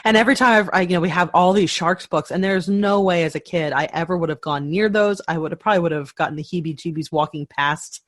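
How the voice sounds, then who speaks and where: A woman's voice: fairly low pitch, quick pace, hardly any pauses, no room sound, clean studio sound. A woman hosting a podcast interview who shares anecdotes and asks curious follow-up questions. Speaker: podcast host. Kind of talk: casual interview chat.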